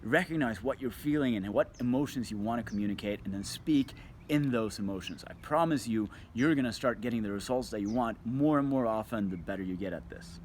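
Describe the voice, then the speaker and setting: A man's voice: medium pitch, a little fast, a little hiss or hum. A man coaching viewers on tone of voice, talking straight to the camera and playing with emphasis to show how delivery changes meaning. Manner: expressive, shifts emphasis and tone to demonstrate. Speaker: communication coach. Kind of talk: scripted video talk to camera.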